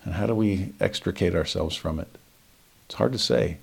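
Expressive low-voiced male Bible teacher. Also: moderate pace, gravelly, breathy edge. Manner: expressive, shifting between lively asides and quiet emphasis. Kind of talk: verse-by-verse scripture lesson.

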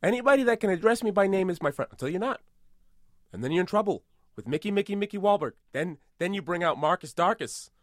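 Brief: man playing a boastful tough-guy celebrity, rambling and absurd, fairly high voice, dry close mic. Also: fast, dry recording. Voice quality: rambling, self-aggrandizing, deadpan absurd. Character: boastful tough-guy movie star impression, male adult. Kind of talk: improvised comedy podcast.

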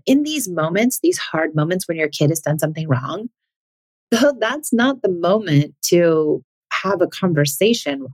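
On her parenting podcast, a woman with a fairly low, darkish voice and a breathy edge reflects earnestly on her own, posing rhetorical questions to listeners. The recording has no room sound.

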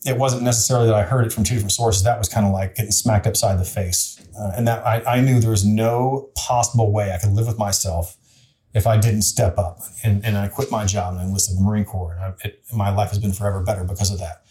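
A man's voice: on the low side, fairly even intonation, fast, mellow. A man in his forties, a city council member and interview guest, telling a story in an earnest, plainspoken way with frequent restarts. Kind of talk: candid conversational storytelling.

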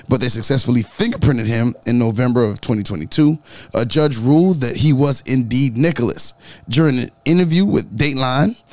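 A man hosting a podcast, reading news stories in a lively, joking way. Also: medium pitch, no echo. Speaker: podcast host. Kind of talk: casual podcast news chat.

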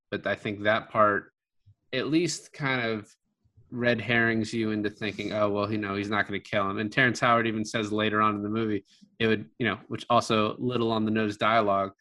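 Man, lowish voice, casual movie review, rambling, lots of fillers. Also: little pitch movement, a little fast, pushed and bright. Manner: rambling, many fillers and restarts. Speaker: podcast co-host.

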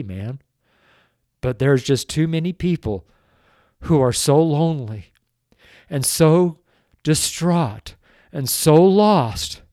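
An older man preaches at an unhurried pace, his voice pitched a little above most men's. He pleads earnestly and is tearful throughout, and the recording is dry and close, with no room sound. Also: a little mellow, no room sound. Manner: slow, earnest, pleading, with drawn-out emphasis. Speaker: street preacher. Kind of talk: emotional radio sermon.

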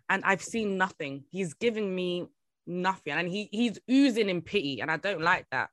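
Woman, guest journalist, casual chat, frank, bright tone, dry sound. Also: medium pitch, moderate pace, no room sound. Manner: frank, emphatic opinions.

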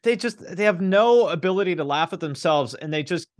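A man's voice: high voice, animated, brisk, no room sound. Wry podcast host man, dry close mic. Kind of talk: casual podcast chat.

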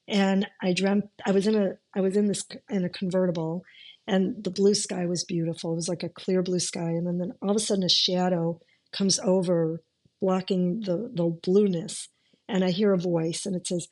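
A woman's voice: fairly low pitch, steady tone, brisk, darkish tone. Middle-aged woman telling her story, lots of "like" and restarts, emotional. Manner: conversational, emotional, many restarts and "like". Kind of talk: personal storytelling interview.

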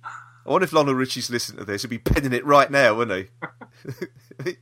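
A man's voice: mid-range voice, fast talker, fairly bright tone. A man co-hosting a casual podcast chat, rambling with restarts and laughter. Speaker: podcast co-host.

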